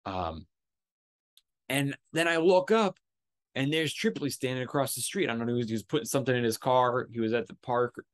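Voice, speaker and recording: A man's voice: mid-range voice, brisk, no room sound. Casual storytelling man, dry close sound. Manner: animated, profane storytelling with acted-out quotes. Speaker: podcast host.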